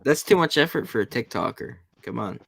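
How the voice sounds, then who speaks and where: A man's voice: mid-range voice, lively intonation, brisk, creaky, a bit bright, husky. A man chatting casually while he works on a craft project, matter-of-fact and self-deprecating.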